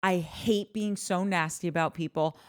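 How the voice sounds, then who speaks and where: A woman from New Jersey co-hosting a casual podcast, recapping a reality show in heated, animated rants. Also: lowish voice, normal speed, smooth. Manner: heated, ranting, animated storytelling. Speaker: podcast co-host.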